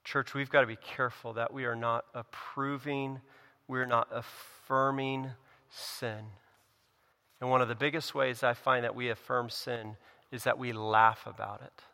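A man, a pastor, preaching a sermon with earnest emphasis, rising to loud lines and dropping to hushed ones. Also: medium pitch, flat delivery, measured pace, gravelly. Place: church sanctuary. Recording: long reverb of a church hall.

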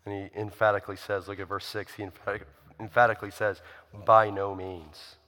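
A man's voice: lowish voice, little pitch movement, fast talker, a bit bright, big-room sound. A man preaching a sermon in a conversational, emphatic way, asking the listeners rhetorical questions. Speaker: pastor.

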